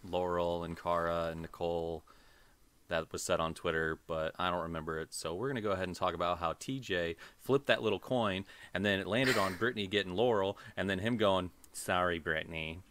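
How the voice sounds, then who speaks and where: A very deep-voiced man recapping a show on a casual podcast. He delivers it sardonically, dropping into mocking voices and laughing between lines. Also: fairly quick, fairly bright tone, slight background noise. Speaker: podcast co-host.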